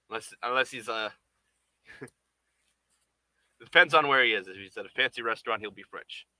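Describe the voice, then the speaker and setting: Bright, playful man chatting while he works. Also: mid-range voice, unhurried, pauses often, no echo. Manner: rambling and playful, chuckling often. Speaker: puppet maker streaming live. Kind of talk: casual chat while working.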